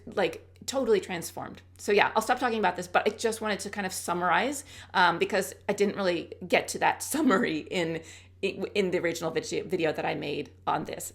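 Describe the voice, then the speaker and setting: A woman in her thirties vlogging casually to camera, chatty and animated, acting out her own thoughts. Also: lowish voice. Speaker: YouTube coach and vlogger. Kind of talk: casual talking-to-camera vlog.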